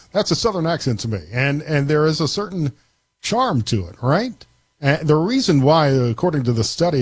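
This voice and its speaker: An easygoing man hosts a radio talk show in a relaxed, chatty way and often restarts his sentences. His voice sits in a middle register. The studio sound is dry and close. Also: medium pitch, slightly rough, no echo. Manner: easygoing, conversational, frequent restarts. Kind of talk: casual talk radio chat.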